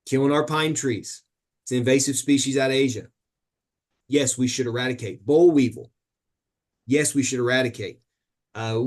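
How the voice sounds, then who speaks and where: A man's voice: medium pitch, darkish tone. A man teaching an online gardening webinar in a conversational, teasing way, often asking his audience questions. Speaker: horticulture educator.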